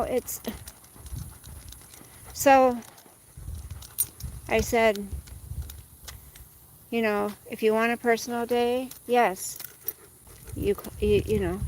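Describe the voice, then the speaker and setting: Vlogger type, a woman with a slightly high voice, casual and talkative, recorded outside with faint noise around her. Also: steady tone, slow pace, long pauses, rough recording. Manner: chatty, venting, breaks off to coax her dog. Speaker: vlogger walking her dog. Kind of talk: casual chat. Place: outdoors on a street.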